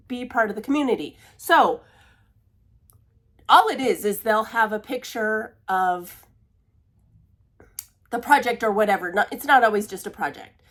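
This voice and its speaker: A woman's voice: medium pitch, a bit bright. A woman chatting casually in a cross-stitch vlog, laughing at herself, apologizing often, and dropping to a near-whisper when she fumbles. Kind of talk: casual chat.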